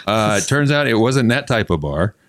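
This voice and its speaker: A man's voice: fairly low pitch, very animated, normal speed, fairly bright tone, no room sound, studio quality. A man co-hosting a casual podcast chat, telling easygoing anecdotes.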